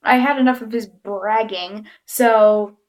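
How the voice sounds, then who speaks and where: A woman's voice: mid-range voice, slow pace. A woman vlogger telling a story to camera in a casual, chatty way, often giggling and acting out what people said. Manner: giggly, chatty, animated quoting.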